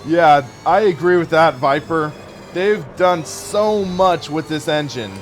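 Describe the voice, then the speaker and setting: A young man in his early twenties chatting casually over a live racing-game session. He reads out viewer messages and wanders between stories, and his voice sits a bit high for a man. Soft music plays faintly in the background. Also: takes it slowly. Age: early 20s. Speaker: sim racing streamer. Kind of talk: casual live gameplay commentary.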